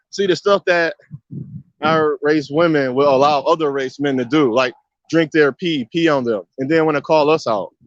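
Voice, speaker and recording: A man's voice: fairly high pitch, no room sound. Emphatic man in a dull, dry recording. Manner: emphatic, repetitive, drives points with rhetorical questions. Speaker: video commentator. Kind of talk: casual spoken monologue.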